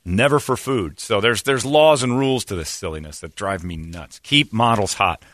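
Bright, low-voiced sarcastic comedian man. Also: animated, normal speed, no echo, clean studio sound. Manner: crude, sarcastic and emphatic. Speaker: podcast host. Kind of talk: casual comedic rant.

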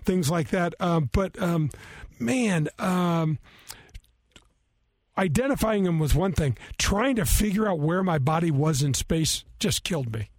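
Rambling man in his fifties, fairly high voice. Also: lively intonation, measured pace, dry recording. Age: 50s. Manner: rambling, self-mocking, many fillers and restarts. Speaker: co-host, former golfer. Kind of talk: casual storytelling chat.

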